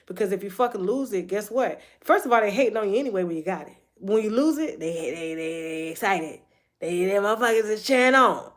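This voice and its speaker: A woman hosting a gossip show, talking candidly in a blunt, heavily profane way and repeating phrases for emphasis. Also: medium pitch. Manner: repeats phrases and restarts often. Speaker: host of a celebrity gossip show. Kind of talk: candid personal monologue.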